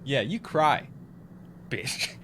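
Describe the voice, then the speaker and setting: A man's voice: mid-range voice, big pitch swings, extremely slow, a bit bright, slight background noise. A man live-streaming a horror game, chatting with viewers and yelping and swearing when scared. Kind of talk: casual live-stream chat while playing a horror game.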